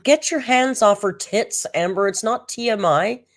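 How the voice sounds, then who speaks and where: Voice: mid-range voice, a little slow, fairly bright tone, no room sound. A speaker giving casual reaction commentary on an old clip, sarcastic and exasperated. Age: older than the clip's audience.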